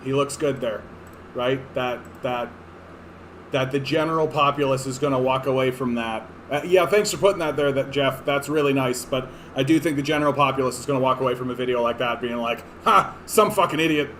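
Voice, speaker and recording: Slight background noise accompanies a man whose mid-range, fairly bright voice holds a steady tone at a slightly fast pace. The speaker is a Canadian political streamer in his thirties, rambling sarcastically and profanely about clips, with lots of fillers and restarts.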